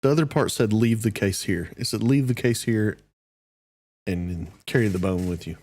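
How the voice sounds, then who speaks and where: A man's voice: on the low side, darkish tone. Laid-back man running a tabletop game. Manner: easygoing, halting narration with fillers. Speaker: dungeon master.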